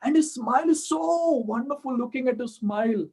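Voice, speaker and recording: A man's voice: moderate pace, a little mellow. A man with an Indian accent voicing an exasperated village milkmaid who complains in a raised, exclamatory voice. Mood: complaining. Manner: complaining, exclamatory, high-pitched.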